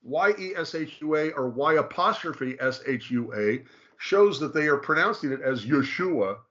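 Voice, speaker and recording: A man presenting in a casual explanatory discussion, halting and restarting often and drawing out key names slowly. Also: fairly high pitch, lively intonation, a bit bright, muffled recording. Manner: halting, frequent restarts, slow drawn-out stress on names.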